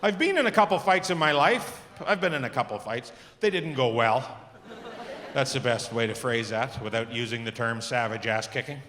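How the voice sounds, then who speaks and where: A middle-aged man performing a stand-up comedy set on stage, telling animated stories and acting out the voices he quotes. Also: mid-range voice, moderate pace, background noise. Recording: reverberant club with audience laughter.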